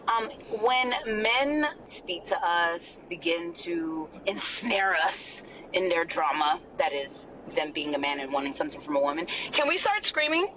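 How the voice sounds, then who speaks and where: A woman talking casually in an animated, playful way. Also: fairly low pitch, a little slow, noisy background.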